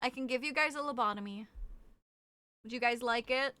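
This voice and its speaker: A woman's voice: a little high, brisk, bright, forceful tone, dry recording. A woman streamer chatting casually with her viewers, playful and teasing as she reads their messages aloud.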